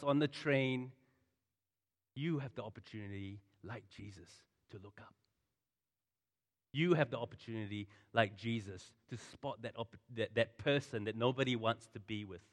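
A pastor giving a sermon in a conversational, animated way, full of asides and storytelling. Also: male voice, mid-range voice, moderate pace. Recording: long hall reverb.

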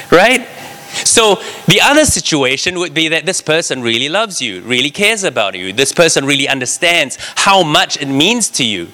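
A man's voice: fairly high pitch, moderate pace. A man preaching a sermon, reading scripture and explaining it, often asking the congregation "right?". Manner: animated, talks to the congregation with frequent "right?".

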